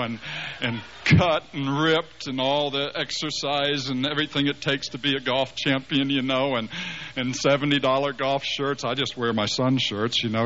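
A man in his fifties preaching through a personal story, animated and acting out the dialogue, with many restarts. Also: medium pitch. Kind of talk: storytelling sermon. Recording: slightly muffled with faint hiss.

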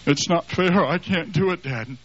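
A man voicing his young schoolboy son, pleading and crying in a high, desperate voice. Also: normal speed, lightly acted. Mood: remorseful. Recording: slightly dull, faint background noise.

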